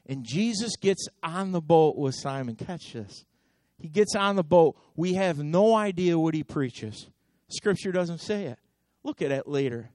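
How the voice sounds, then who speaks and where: A male pastor preaching with fiery, repetitive exhortation, his voice sitting high for a man. He swings from ringing calls to hushed, intense asides. The sound is close and dry. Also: expressive, unhurried, no room sound. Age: adult. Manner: impassioned preaching with sharp swings between loud and hushed. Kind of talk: sermon.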